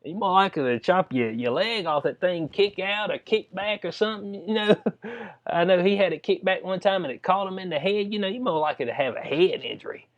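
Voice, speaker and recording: A man talks in a casual, joking vlog style. His voice sits a bit high for a man. He reads lines from a news story, then breaks off to riff and laugh about it. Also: fairly quick, dull audio. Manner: reads news aloud, then jokes and riffs with frequent laughs. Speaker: commentary vlogger.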